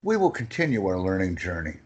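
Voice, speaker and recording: A man teaching English phrases in a lesson, reading each phrase slowly and with emphasis for his student to repeat. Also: low voice, big pitch swings. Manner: slow and emphatic, phrases stressed one by one.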